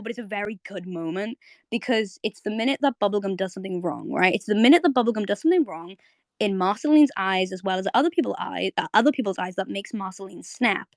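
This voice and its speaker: A woman talks casually as host of a live online audio chat. She retells a story in a rambling, enthusiastic way, with frequent fillers and self-corrections. Her voice sits at a medium pitch, and the recording is dry and close. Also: dry recording. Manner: chatty, fast recapping with lots of fillers.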